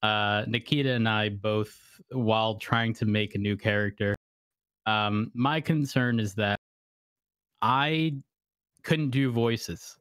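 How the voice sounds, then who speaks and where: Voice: medium pitch, slow, a bit bright, clean tone, no room sound, studio quality. A podcast guest from Massachusetts chatting casually, laughing often and talking themself down. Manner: giggly, self-deprecating. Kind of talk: casual chat.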